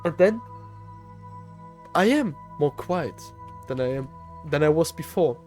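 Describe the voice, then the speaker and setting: A young man vlogging a casual story in slangy, playful talk, speaking low and close to a desk mic in his bedroom. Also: expressive, unhurried, a little mellow, soft background music. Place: shared bedroom at home. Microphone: desk microphone up close.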